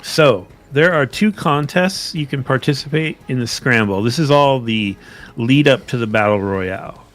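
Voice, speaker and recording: A man narrating and explaining the rules as game master of a tabletop game, unhurried, with fillers and restarts. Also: mid-range voice, fairly bright tone, faint music behind.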